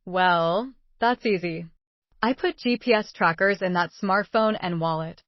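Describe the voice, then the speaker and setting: A woman's voice: on the low side, a little slow, no room sound, highs cut off, close to an everyday voice. A woman voicing a clueless, controlling middle-aged mother who talks in a nonchalant, wheedling way.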